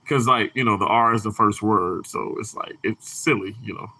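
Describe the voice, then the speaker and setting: A man's voice: on the low side, moderate pace, bright, forceful tone. A man from Mississippi with a Southern accent, hosting a livestream and chatting casually with viewers, bubbly and laughing often. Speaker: livestream host. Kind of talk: casual chat reading viewer comments.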